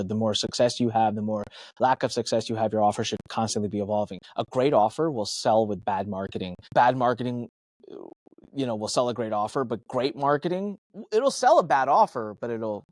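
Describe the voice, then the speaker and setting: A man guest on a podcast, giving energetic, emphatic business advice and acting out his own thoughts in quick asides. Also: on the low side, no echo. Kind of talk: animated advice talk.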